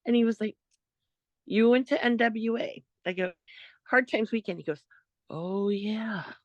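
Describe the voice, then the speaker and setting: A woman co-hosting a podcast, telling a story in a casual, animated way, quoting what others said. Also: a little high, a little slow, dry recording, highs cut off. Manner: animated retelling, quotes others, laughs often. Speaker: podcast co-host.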